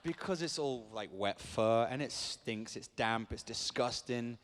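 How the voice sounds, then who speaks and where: A man's voice: medium pitch, measured pace, a little hiss or hum. A British man, an actor guest on a fan convention panel, talking to the crowd in a playful, rambling, cheeky way. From Britain. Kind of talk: joking panel talk to a crowd. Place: convention hall stage. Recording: echoey convention hall.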